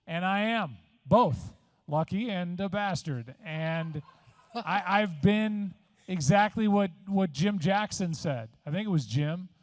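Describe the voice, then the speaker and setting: A man's voice: sits high, animated, takes it slowly, no room sound. A man in his fifties from Missouri giving a conversational, self-deprecating award acceptance speech at a podium microphone. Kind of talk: after-dinner acceptance speech. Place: resort event room.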